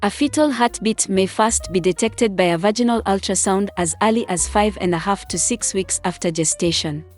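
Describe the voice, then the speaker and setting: A woman's voice: medium pitch, normal speed, few pauses, a little mellow, soft background music. A woman hosting a channel, reading scripted commentary in a stern, lecturing way. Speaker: channel host.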